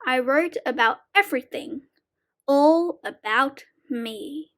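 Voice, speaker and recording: A woman slowly reading short children's poems aloud as a reading teacher, in a deliberate sing-song way. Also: high voice, a bit bright.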